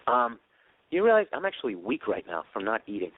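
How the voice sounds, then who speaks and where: A man's voice: mid-range voice, wildly swooping pitch, fairly quick, narrow, tinny audio. A man in his late thirties hosting a podcast, telling a rambling, profane, self-deprecating story. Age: 30s. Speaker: podcast host.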